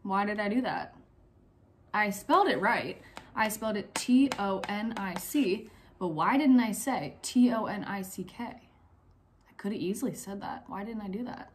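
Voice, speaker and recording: A young woman teacher giving a recorded phonics lesson to young pupils, speaking clearly, asking questions and pausing for answers. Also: medium pitch, slight background noise. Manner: slow, clear, encouraging teacher talk, asks questions and pauses.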